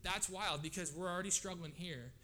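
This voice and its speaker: A man's voice: sits high, fairly quick, bright, forceful tone, slight background noise. Casual conversational male preacher. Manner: casual, conversational, frequent "right?" asides. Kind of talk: sermon.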